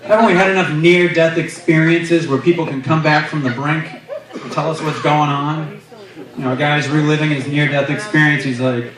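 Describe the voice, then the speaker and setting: A man doing a stand-up comedy set, telling stories in an animated, playful way. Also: a little high, normal speed. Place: live comedy club stage. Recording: echoey club, distant mic, audience laughter. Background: audience laughter.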